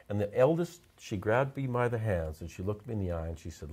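A man, a portrait photographer, telling stories in a casual interview, halting and repeating words as he gets emotional. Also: lowish voice, lively intonation, a little mellow, breathy edge.

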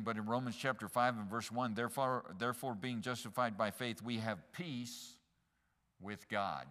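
Animated preacher in a reverberant church. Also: male voice, lowish voice. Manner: animated, rises to loud emphatic peaks, joking asides to the congregation. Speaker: pastor. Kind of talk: sermon. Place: church sanctuary.

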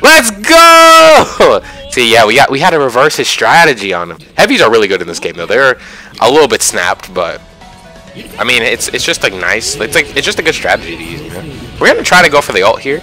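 Young man, gameplay commentary, wildly swinging pitch, bright voice, music underneath. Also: quick pace. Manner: excitable, yelling at wins and losses, self-mocking. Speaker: gaming YouTuber. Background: background music.

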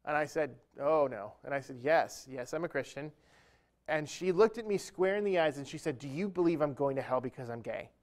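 A man's voice: fairly high pitch, lively intonation, brisk. A man speaking at a church event, telling a humorous, self-deprecating story within a sermon-style talk.

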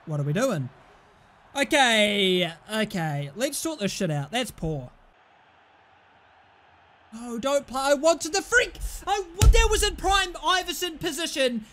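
A young British man giving live, excitable commentary over a football video game, swearing and shouting at his computer teammates. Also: very high voice, takes it slowly, long pauses. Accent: British English. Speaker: gaming YouTuber.

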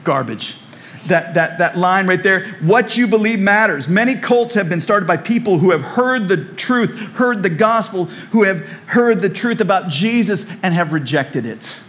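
A man's voice: high-pitched, expressive, normal speed, hardly any pauses, fairly bright tone. A man preaching a sermon in a church, conversational and repetitive, with humorous asides. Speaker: pastor. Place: church sanctuary.

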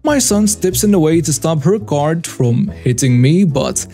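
A man reading out a story in a steady, scripted narration, barely changing his voice for the quoted parts. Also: fairly high pitch, unhurried. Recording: faint music behind the voice.

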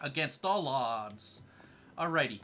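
A man hosting a let's-play, giving casual commentary in a quick, sarcastic, reactive way. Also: medium pitch, lively intonation, pushed and bright, soft background music. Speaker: gameplay host.

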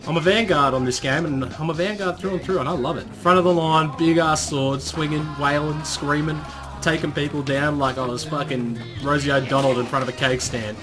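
A man giving excitable, profane live commentary over his gameplay, often bursting into shouts and laughter. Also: a little high, brisk, over music. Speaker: gaming commentator.

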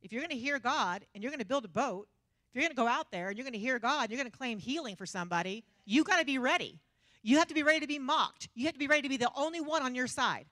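Speaking fast in a high-pitched voice with no room sound, a woman from Texas delivers a funny sermon. Her storytelling is lively and self-mocking, punctuated by frequent laughter.

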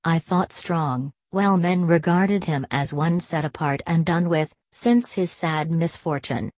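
A woman's voice: deep voice, a little slow, a little mellow, no room sound, clean studio sound. A woman voicing an earnest, impetuous young noble daughter who speaks eagerly.

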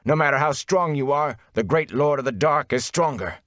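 Brief: man doing a desperate, high-strung male cultist, strained and urgent, dry close read. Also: lively intonation, moderate pace, a bit bright, no echo, close to an everyday voice. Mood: spiteful. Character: frightened desperate male Darkfriend, pleading then spiteful.

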